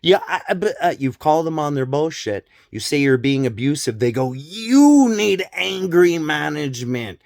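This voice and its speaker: A vlogger speaks directly to his viewers in a personal monologue about family abuse, emphatic, repetitive and swearing freely. His mid-range voice has a slightly dark tone and moves a little fast with few pauses. The studio-quality recording has no echo.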